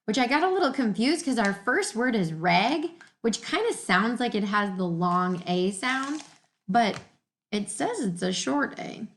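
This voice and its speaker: Woman teacher, slow clear word drills for young kids, higher voice, laptop mic at home. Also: very animated. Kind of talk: remote reading lesson for young children. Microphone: laptop computer mic.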